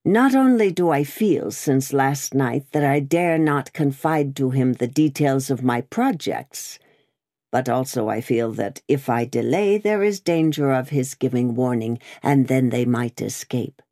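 A stern, vengeful revolutionary woman, voiced by a woman reader, cold and deliberate, in a very low, dark voice. Her pitch swings widely as she presses each point. The sound is dry and close. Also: lively intonation, no room sound.

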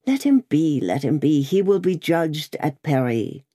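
A woman voicing a calm male postmaster in a storybook reading, speaking soothingly. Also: rumbling low, normal speed. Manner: soothing, placating.

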